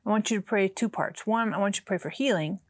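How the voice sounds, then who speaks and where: A woman's voice: mid-range voice, fast talker, no room sound, clean studio sound. A woman hosting a Christian talk show, setting up a prayer segment before a break.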